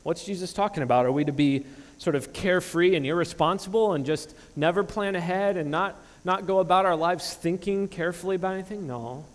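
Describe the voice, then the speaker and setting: A man's voice: high voice, fairly quick, big-room sound. A man in his thirties preaching a sermon as pastor, earnest and emphatic, often restarting phrases. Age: 30s. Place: church sanctuary.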